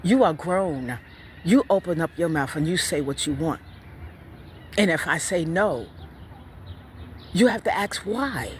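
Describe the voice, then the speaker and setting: A woman giving blunt, profane parenting opinions in a casual vlog rant, telling stories in an animated way. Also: sits low, a little slow, long pauses, slight background noise.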